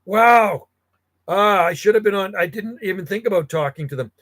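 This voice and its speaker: A man's voice: high voice, fast, a bit bright. A middle-aged man ranting bluntly in casual talk, grumbling and swearing as he tells stories. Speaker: radio hobbyist livestream host. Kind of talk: casual rant.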